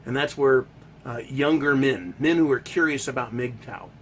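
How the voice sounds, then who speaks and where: A man's voice: medium pitch, lively intonation, normal speed, slight background noise. A man hosting a ranting monologue, talking in a heated, emphatic and profane way. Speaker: host.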